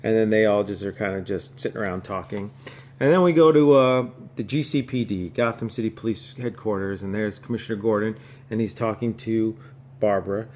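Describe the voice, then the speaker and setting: A man's voice: lowish voice, brisk, darkish tone. A man from North Carolina hosting a comic podcast, reviewing an old issue in a rambling, casual way with lots of fillers. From North Carolina, USA. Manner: rambling, filler-heavy, chuckling asides. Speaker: podcast host.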